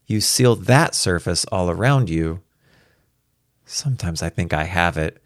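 A man narrating a first-person story aloud in a measured, even way. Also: low voice, dry recording, studio quality. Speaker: audiobook narrator.

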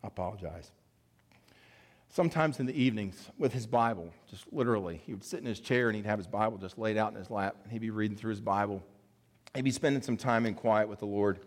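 A man's voice: lowish voice, big-room sound. A man preaching a sermon to fathers, talking straight to his listeners, earnest and at times emotional. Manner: earnest, emotional, pauses to compose himself; addresses listeners directly. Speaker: pastor.

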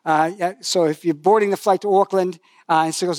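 A man's voice: high voice, steady tone, a little fast, a little mellow, dry recording. An older man preaching a sermon, chatty and joking as he tells a story, then praying and reading scripture. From lived in New Zealand for decades.

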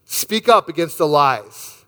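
A man's voice: a little high, lively intonation, takes it slowly, pushed and bright, long reverb tail. A man preaching a sermon, reading scripture aloud and speaking emphatically to his congregation. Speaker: pastor.

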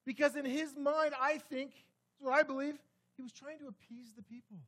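A man preaching a sermon in a church sanctuary, swinging dramatically between loud, forceful passages and hushed ones. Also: extremely high pitch, steady tone, moderate pace. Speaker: pastor.

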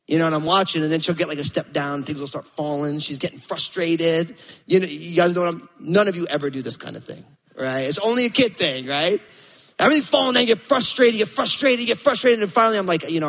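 A man in his thirties preaching a sermon as pastor, animated, acting out quotes and stories. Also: sits high, fairly quick, in a large hall, low-quality recording. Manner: animated storytelling, acts out quotes.

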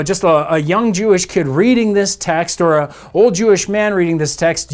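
A man preaching a sermon as pastor, in a conversational style with playful asides to his listeners. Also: high-pitched. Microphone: church podcast mic.

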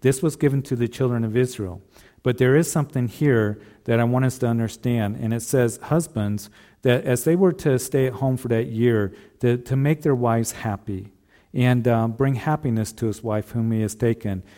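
A man's voice: medium pitch, moderate pace, warm tone. A man preaching a sermon, speaking earnestly and repeating phrases as he addresses the husbands in the congregation. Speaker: pastor.

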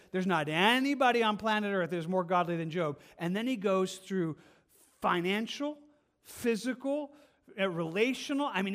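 A man with a high, light voice preaches to his congregation. He talks earnestly and conversationally, doubling back on his words and adding casual asides as he explains the text. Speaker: pastor. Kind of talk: sermon.

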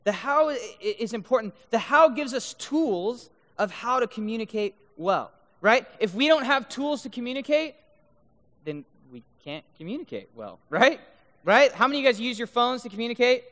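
A man giving a lively sermon to a live crowd, joking and keeps checking in with the crowd by asking "right?". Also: very high-pitched, moderate pace. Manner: mock-incredulous joking. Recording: long reverb of a big hall.

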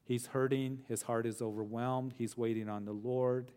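A man's voice: medium pitch, little pitch movement, mellow. Earnest man preaching a Bible study. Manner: earnest, repeats phrases for emphasis, slows on key words. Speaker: pastor. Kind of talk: verse-by-verse Bible teaching sermon.

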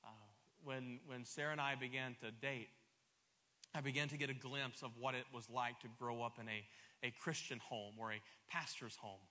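A middle-aged man preaching a sermon, emphatic and stumbling over repeated words, swinging between loud and soft. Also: mid-range voice, fairly even intonation, moderate pace. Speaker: pastor. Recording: long hall reverb.

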